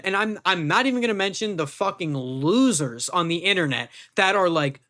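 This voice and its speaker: A show reviewer talking casually and with excitement, gushing, swearing freely and repeating themselves. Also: medium pitch, normal speed, few pauses.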